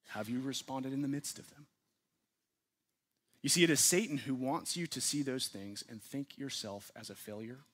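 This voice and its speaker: A man preaching a sermon to his church, earnest, putting questions to the listeners and swinging from forceful emphasis to hushed, quiet phrases. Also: mid-range voice. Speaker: pastor.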